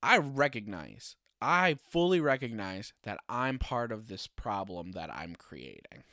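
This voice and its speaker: A man's voice: medium pitch, wildly swooping pitch, slow pace, pushed and bright, dry recording, studio quality. A young man hosting a casual solo podcast, ranting with sarcasm and swearing and laughing often. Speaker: podcast host.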